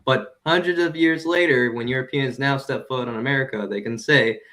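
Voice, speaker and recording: A male podcast co-host telling a joke in deadpan, casual chat. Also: medium pitch, a little fast.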